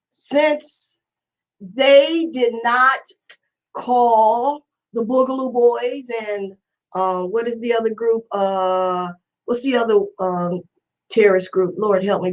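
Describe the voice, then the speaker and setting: A woman hosting a casual talk show, asking rhetorical questions in loud, incredulous exclamations. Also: medium pitch. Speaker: host. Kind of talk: casual commentary. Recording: lo-fi muffled recording.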